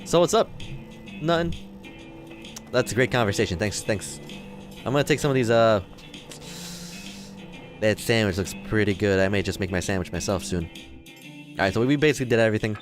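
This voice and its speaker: A man's voice: fairly low pitch, animated, normal speed, pauses often, faint music behind. A young man from the Midwest, casually commenting and joking as he plays through a video game. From Chicago, US Midwest. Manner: joking, talks back to the game characters. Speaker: let's play host.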